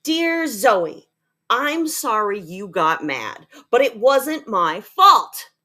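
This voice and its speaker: A reluctant little schoolboy from a picture book, stubborn and defensive about his apologies, as a woman reads him aloud. His letters rise and fall widely in pitch and come out at an unhurried pace. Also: sing-song, a bit bright, exaggerated voice. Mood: grudging. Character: sulky young schoolboy writing grudging apologies.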